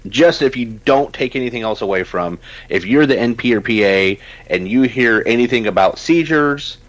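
A man co-hosts a casual podcast, his low voice carrying emphatic, animated rants. The sound is dry and close, with no room around it. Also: no echo, poor audio. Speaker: podcast co-host.

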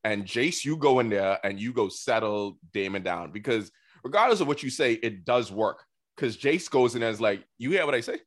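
Animated man in casual podcast chat. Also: lowish voice, normal speed, dry recording, clean studio sound. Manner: animated, acts out characters in funny voices. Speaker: podcast co-host.

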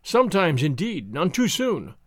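A man hosting and narrating an audiobook with a steady, expressive reading. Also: fairly high pitch, normal speed, dry recording, clean studio sound.

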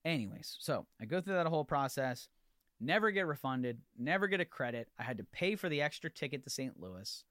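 A man hosting a podcast, telling an animated, exasperated story in a ranting solo monologue with many restarts. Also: mid-range voice, a little fast, no echo, clean studio sound. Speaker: podcast host.

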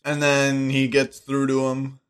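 A man's voice: medium pitch, monotone, measured pace, smooth. Young male co-host, mid-range voice, laid-back sidekick who adds details and laughs along. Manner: chiming in with short details and laughter. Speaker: podcast co-host. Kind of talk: casual movie recap chat.

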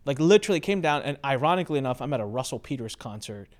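Male podcast host, mid-range voice, lively storyteller who acts out the dialogue. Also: rapid-fire. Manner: animated, acts out quoted exchanges with big pitch jumps. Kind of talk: casual conversational storytelling.

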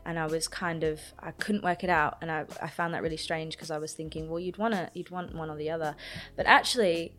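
A woman co-hosting a casual album discussion, thoughtful and hesitant, with many ums. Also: low-pitched. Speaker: podcast co-host.

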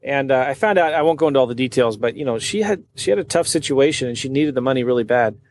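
A man who works as a real estate wholesaler and podcast host, telling a story in a casual, animated way and acting out what other people said. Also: mid-range voice, quick pace, slight background noise. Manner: animated, acts out other people's lines in quoted voices.

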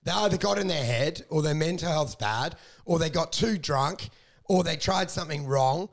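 A man's voice: a little high, moderate pace. An out-of-breath man, ranting and swearing through casual podcast banter as a comedian co-host. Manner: animated, sweary ranting storyteller.

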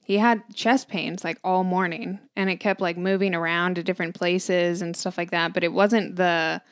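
A woman's voice: on the low side, fairly even intonation, normal speed, smooth, no room sound. A young adult woman co-hosting a podcast, talking in laid-back casual chat with loose, filler-heavy phrasing and dry reactions. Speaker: podcast co-host.

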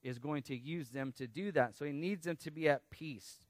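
A man preaching a sermon, teaching through a Bible passage in a conversational, animated way with casual asides. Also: on the high side, moderate pace, no room sound. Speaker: pastor.

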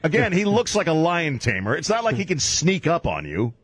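A man hosting a comedic radio talk show, riffing and mocking with a husky voice. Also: fairly high pitch, big pitch swings, fairly quick, dry recording. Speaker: radio host.

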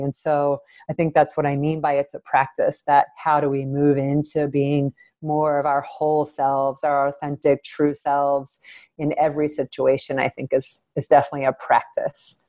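A woman's voice: deep voice, mellow. A woman psychologist as a podcast guest, speaking earnestly and reflectively and thinking aloud with frequent fillers. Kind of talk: podcast interview.

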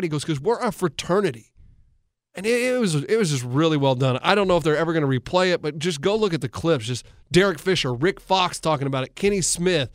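Animated man retelling sports stories. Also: fairly high pitch, quick pace, no echo, clean studio sound. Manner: animated storyteller, retells others' words with many restarts. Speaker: coach and co-host. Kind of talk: casual sports talk chat.

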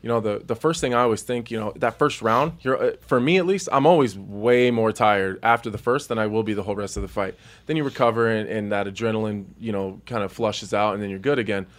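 Male fighter guest, mid-pitched, rapid and stumbling. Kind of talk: casual podcast chat.

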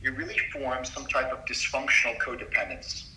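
An earnest middle-aged man speaks with a sharp, tense, very bright voice, confiding and emphatic as he opens up in conversation. He is heard from some way off the mic, and the room around him rings with echo. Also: medium pitch, fairly even intonation, moderate pace, a little hiss or hum. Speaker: doctor as podcast guest. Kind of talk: confessional storytelling in a conversation. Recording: roomy sound from a distance off mic.

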